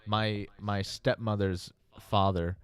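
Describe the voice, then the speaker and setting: A young man co-hosting a casual podcast chat, laid-back and slangy, with halting starts. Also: on the low side, flat delivery, clear, resonant tone. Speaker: podcast co-host.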